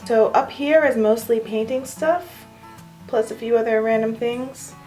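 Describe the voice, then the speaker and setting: A woman's voice: a little high, a little slow, a little mellow, soft background music. A young woman giving a casual, self-mocking tour of her home art studio, chatty and giggly. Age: young adult. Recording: echoey room.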